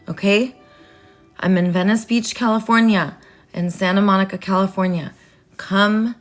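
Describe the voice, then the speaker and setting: A woman vlogging in a rambling, playful rant that sometimes drops into a whisper. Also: mid-range voice. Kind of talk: casual rant to camera.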